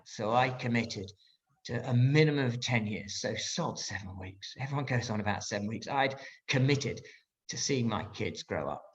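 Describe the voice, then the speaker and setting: A man's voice: mid-range voice, fairly bright tone. A British man in his fifties, a former pilot giving a motivational talk online, emphatic and telling his story with acted-out quotes. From Britain. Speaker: guest speaker, former pilot. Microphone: video call. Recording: dull lo-fi video-call audio.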